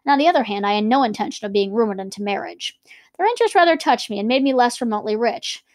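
Young woman reading a book aloud quick, higher voice, chatty asides. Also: no echo, studio quality. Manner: lively, switching between reading and chatty asides. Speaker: reader and teacher. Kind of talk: reading a novel aloud with commentary.

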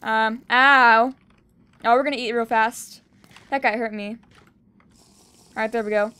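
A young woman giving excitable gameplay commentary, cheering and shrieking as she plays. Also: on the high side, normal speed, clear, resonant tone, dry recording. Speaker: gaming YouTuber.

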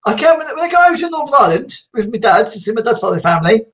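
A man hosting a casual video chat, rambling and laughing often, a little croaky. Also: very high-pitched, sing-song, racing, fairly bright tone. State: slightly croaky. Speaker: host.

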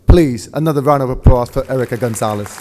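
A man's voice: mid-range voice, fast talker, dark tone, a little hiss or hum. A man making courteous, formal announcements as the presenter at a graduation ceremony in a large venue. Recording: long hall reverb.

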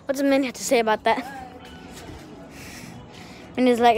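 A woman chatting casually in a vlog, excitable and talkative, speaking to her dog in a backyard by a shed. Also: fairly high pitch, moderate pace, pauses often, soft background music. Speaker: vlogger.

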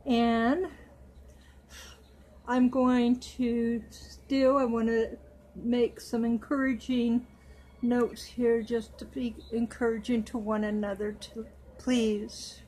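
A middle-aged woman chatting to her viewers, slow and affectionate, stumbling over some words. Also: a little high, darkish tone, poor audio. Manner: coos in baby talk. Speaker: vlogger. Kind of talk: casual chat to camera.

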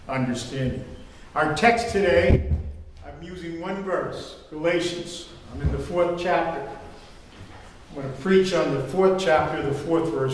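An older pastor delivers a sermon from a church sanctuary, rambling conversationally through stories and using plenty of fillers. Heard from far off in an echoey hall with faint ambience and slight background noise, his voice sounds slightly high.

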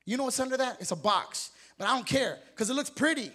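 Brief: energetic male preacher with a very high voice, firing questions at his church. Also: fast talker. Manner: energetic, exhorting, calls out questions to the congregation. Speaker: pastor. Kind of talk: sermon. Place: church sanctuary.

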